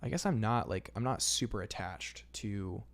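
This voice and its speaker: A young man casually chatting on a livestream, reading out comments and rambling with lots of fillers. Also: on the low side. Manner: laid-back and rambling, drawn-out fillers, calls chat "man". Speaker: illustrator streaming live.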